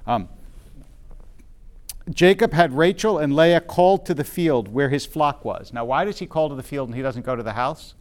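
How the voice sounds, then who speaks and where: A man's voice: on the high side, animated, normal speed. Man teaching a Bible class, conversational. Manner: conversational, checks in often with the group; frequent fillers and restarts while thinking aloud.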